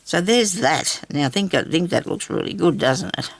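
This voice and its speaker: A woman's voice: on the low side, expressive, moderate pace, dry recording. An Australian woman chatting in a casual, rambling way while she crafts and tells stories. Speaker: craft vlogger.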